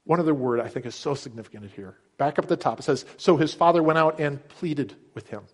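A middle-aged man preaching a sermon, earnest and emphatic, acting out the characters' words with a lifted voice. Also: fast. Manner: earnest, emphatic, acts out quotes with raised pitch. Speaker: pastor.

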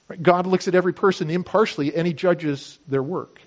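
A man's voice: sits high, brisk, few pauses, muffled recording. A man preaching a sermon in a conversational manner, explaining with everyday illustrations. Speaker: pastor.

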